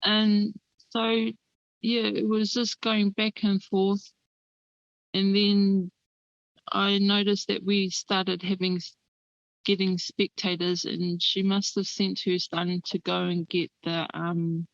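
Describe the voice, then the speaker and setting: A woman answering interview questions in a hesitant, subdued way, with many pauses. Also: on the low side, dry recording. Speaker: interview guest. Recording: dull, lo-fi, dry remote line.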